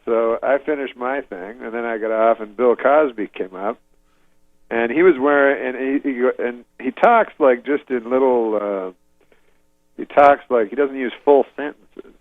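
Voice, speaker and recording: A man doing an impression of a comedian telling a rambling, deadpan story, full of fillers and restarts, on dull lo-fi audio. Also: medium pitch, measured pace, no echo, natural voice.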